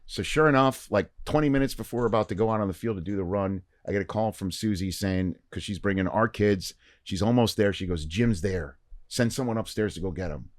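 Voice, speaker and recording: A man's voice: on the low side, a little fast, dry recording, clean studio sound. A middle-aged man hosting a podcast, telling a long anecdote in a casual, rambling way with lots of fillers. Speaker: podcast host. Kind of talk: casual storytelling chat.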